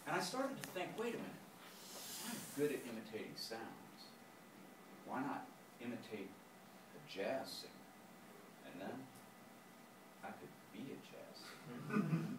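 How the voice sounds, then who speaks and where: A man tells a story live in a lecture room, with an animated delivery full of sound imitations. His pitch is lively and expressive. The voice comes from a distance through a roomy, echoing space with clear noise in the background.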